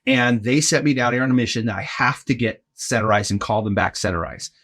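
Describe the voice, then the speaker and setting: Speaking fairly quickly in a mid-range, bright and forceful voice, this middle-aged arena in-game host is a podcast guest spinning a casual story. He's animated, acts out what others said, and peppers his telling with "like" and repeated "right?" checks to the host.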